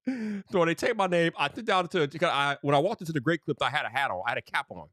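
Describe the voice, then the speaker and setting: Animated slangy male storyteller. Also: a little high, fast, no echo, studio quality. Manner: animated, slangy, full of "bro". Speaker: streamer host. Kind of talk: casual storytelling.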